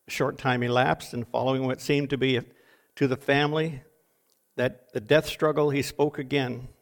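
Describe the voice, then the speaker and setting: A man's voice: mid-range voice, unhurried. An older man preaching a sermon, reading deathbed quotes with dramatic emphasis.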